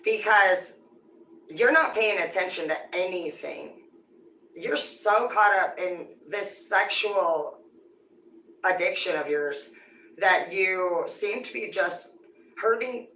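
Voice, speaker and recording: A woman rants to her live-stream viewers, swearing often and scolding them in a confrontational, rambling way. Her voice sits at an ordinary middle pitch. It sounds distant from the mic, with a roomy echo around it. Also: lively intonation, slow, sharp tone, slight background noise. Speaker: livestreamer.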